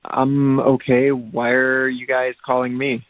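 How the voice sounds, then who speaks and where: A young man on a phone call, talking in a hesitant, halting way. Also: medium pitch, completely flat delivery, dry recording. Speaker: caller on the phone. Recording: tinny phone line.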